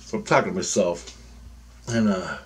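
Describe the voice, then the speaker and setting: A man's voice: deep voice, moderate pace. A man telling a long dream story in a casual, meandering, profane way.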